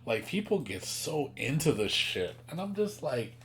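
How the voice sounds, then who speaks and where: A man's voice: medium pitch, very animated, a little slow, fairly bright tone, a little hiss or hum. Male streamer, casual exasperated rant, profane, mimics others mockingly. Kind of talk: casual chat.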